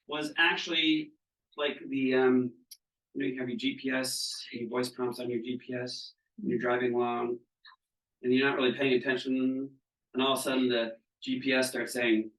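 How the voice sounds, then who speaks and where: A man's voice: medium pitch, level tone, moderate pace, a bit bright, distant mic. A middle-aged man leading a wellness training session to an audience, chatty and casual, often asking whether his listeners follow. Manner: casual, frequent checking questions. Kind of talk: live seminar talk. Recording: echoey room, voice from off mic.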